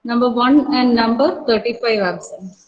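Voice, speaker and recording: An Indian woman lecturing a college class in a fairly high voice. She explains things slowly and repeats her points. Her talk is full of fillers. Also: highs cut off. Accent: Indian English. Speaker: teacher.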